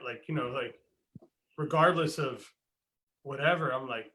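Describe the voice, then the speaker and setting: A man's voice: medium pitch, normal speed. A man from the United States hosting a wrestling podcast, telling stories casually, swearing and laughing as he acts out what people said. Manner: animated storyteller, swears, laughs, acts out voices in anecdotes. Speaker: podcast host. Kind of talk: casual chat.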